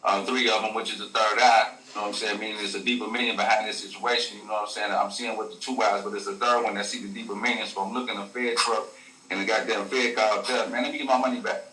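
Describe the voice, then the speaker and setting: A man's voice: lowish voice, level tone, fast, pushed and bright. A man, a guest telling a story in casual slang, full of profanity and acted quotes. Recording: echoey room, a bit far from the mic.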